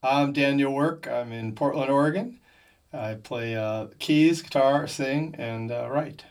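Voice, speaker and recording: A man from Arizona tells his story in an earnest, steady way. He sounds a bit distant from the microphone, and his pitch is ordinary. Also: a little slow. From Tucson, Arizona, US. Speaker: band keyboardist and singer, interview guest. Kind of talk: casual interview chat. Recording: distant mic.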